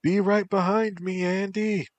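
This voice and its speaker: A man voicing an excitable, eager young man in a story reading. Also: mid-range voice, slow pace, breathy edge, no room sound, voice pushed up, exaggerated voice. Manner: gushing, enthusiastic.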